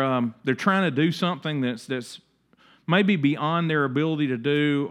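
A man's voice: fairly high pitch, fairly bright tone. A middle-aged man preaching a sermon in a conversational way, acting out the voices of the people he quotes. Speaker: pastor.

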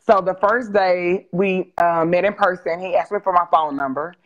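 A woman in her forties, a guest telling her life story on a video call interview, open and animated. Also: lowish voice, normal speed, highs cut off. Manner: animated, open, acts out quoted dialogue with laughs.

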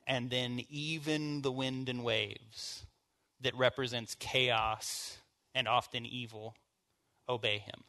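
A man's voice: mid-range voice, fairly even intonation, slow, bright, forceful tone. A man leading a church bible study, teaching in an informal, conversational way and asking the group questions. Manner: informal, asks the group questions, casual fillers.

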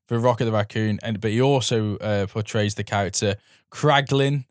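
A man's voice: lowish voice, fairly even intonation, moderate pace, dry recording, studio quality. A man co-hosting a film podcast, reading out trivia casually with many ums. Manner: chatty, reads trivia with fillers. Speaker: podcast co-host.

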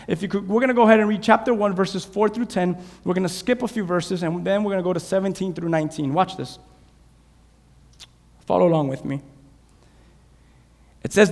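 A man preaching a sermon to a church, dynamic, swinging from hushed asides to shouted passages. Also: sits high, brisk, creaky, pauses often. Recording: long hall reverb.

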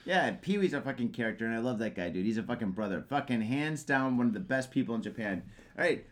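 A man's voice: medium pitch, expressive, quick pace. A man in his thirties co-hosting a podcast, chatting loosely and swearing a lot. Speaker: podcast co-host. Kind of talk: casual chat.

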